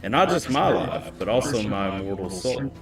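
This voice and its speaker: A man's voice: lowish voice, animated, moderate pace, gravelly. A male streamer reads a scary story aloud on a livestream, chatty and stopping now and then to talk with his viewers. His voice rises and falls a lot, picked up by a distant mic in a roomy space. Music plays underneath.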